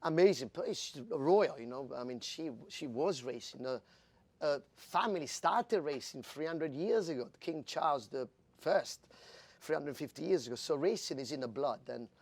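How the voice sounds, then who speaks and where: A man in his fifties from Italy, a jockey telling stories in an interview, animated and laughing, acting out quoted voices. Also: fairly high pitch, normal speed, no room sound. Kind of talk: storytelling in an interview.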